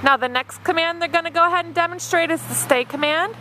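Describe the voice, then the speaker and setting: High-voiced woman explaining dog training. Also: quick pace, bright, forceful tone, slight background noise. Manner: patient, encouraging, explains step by step. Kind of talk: instructional narration.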